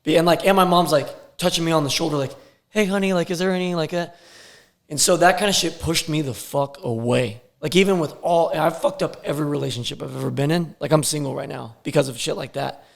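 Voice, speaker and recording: A man's voice: fairly high pitch, fast, gravelly, hardly any pauses. A man telling stories as a podcast guest, blunt and profane in casual talk. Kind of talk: casual interview.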